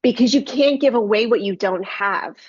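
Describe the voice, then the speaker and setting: A woman's voice: a little high, moderate pace, breathy edge, dry recording, highs cut off. Earnest woman telling a faith story. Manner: earnest personal storytelling, addresses listeners as y'all. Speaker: Christian book reviewer. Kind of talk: heartfelt devotional talk.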